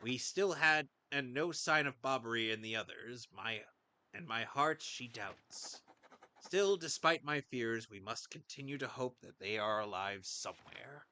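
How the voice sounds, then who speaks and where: A man's voice: mid-range voice, measured pace, pushed and bright. A man voicing a pompous, dramatic rich merchant in a video game, with grand old-fashioned phrasing. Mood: wistful.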